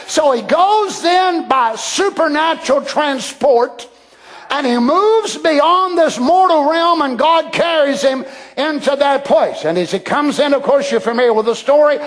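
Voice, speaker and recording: Very high-pitched impassioned male preacher. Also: animated, unhurried. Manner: impassioned, swinging between hushed and shouted. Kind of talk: sermon.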